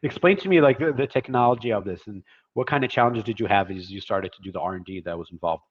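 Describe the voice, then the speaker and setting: A man's voice: fairly low pitch, fast talker. A man hosting a casual interview, curious and often restarting his questions mid-sentence. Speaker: host, interviewer. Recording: dull lo-fi sound.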